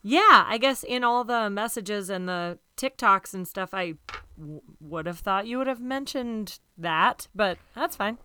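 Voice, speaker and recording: A woman's voice: mid-range voice, animated, unhurried, bright, forceful tone, clean tone. A woman in an improvised comedy scene, talking in a hesitant, politely evasive way.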